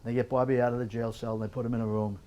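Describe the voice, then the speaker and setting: A man's voice: mid-range voice, racing, muffled recording. Older man telling a story at a talk. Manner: animated, repeats words while building a story. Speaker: author giving a library talk. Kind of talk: storytelling lecture. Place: public library event.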